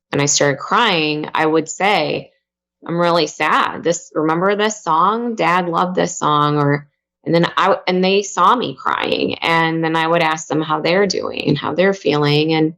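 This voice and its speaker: A woman in her forties, a guest on a podcast, talking softly and openly in a reflective way. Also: deep voice. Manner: soft, open and reflective. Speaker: podcast guest, mindfulness coach. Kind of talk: emotional podcast interview.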